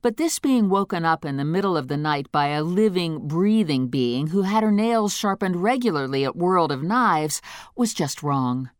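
Wry low-voiced woman narrator. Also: moderate pace, dry recording, studio quality. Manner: wry, deadpan comic delivery. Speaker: audiobook narrator. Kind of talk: scripted first-person narration.

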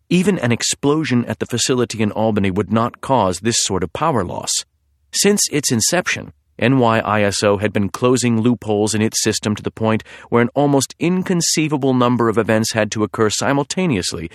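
Low-voiced man narrating a thriller. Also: no echo, studio quality.

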